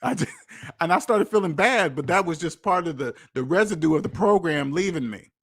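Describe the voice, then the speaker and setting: A man's voice: on the high side, lively intonation, a little fast, fairly bright tone, dry recording, clean studio sound. An American man in his forties hosting a casual livestream about finances, telling stories in a rambling way full of restarts. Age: 40s. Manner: rambling storytelling with many restarts. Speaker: host of a debt-free finance livestream.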